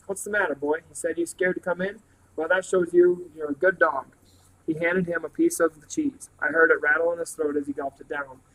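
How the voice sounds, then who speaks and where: A man's voice: on the high side, poor audio. Man reading a novel aloud. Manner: plain, steady storytelling with small slips. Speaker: reader.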